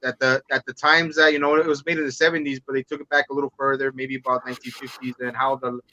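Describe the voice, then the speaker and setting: Male podcast guest, bright and forceful, rambling casual speech, dull dry audio. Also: medium pitch, level tone, quick pace. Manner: rambling, restarts and fillers, casual swearing. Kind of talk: casual movie talk.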